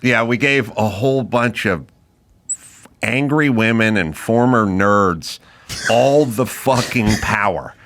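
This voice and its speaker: A man's voice: lowish voice, slow, fairly bright tone. A man hosting a podcast, speaking in a casual, sardonic and blunt way, with some swearing. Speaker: podcast host. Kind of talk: casual chat. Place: podcast studio.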